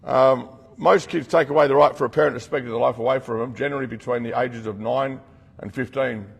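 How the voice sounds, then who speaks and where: Gravelly Australian man in an echoing hall. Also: mid-range voice, steady tone, a little fast. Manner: blunt, earnest storytelling with slang. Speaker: rehab program leader. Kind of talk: talk to a group. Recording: long reverb from a hall.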